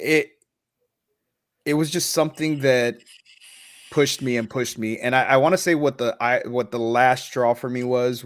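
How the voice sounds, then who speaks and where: A man's voice: medium pitch, no room sound, clean studio sound. A man telling a personal story in a casual podcast chat. He talks candidly, swears freely and restarts his sentences, and he sounds a little choked up. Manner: candid and profane, loose with restarts.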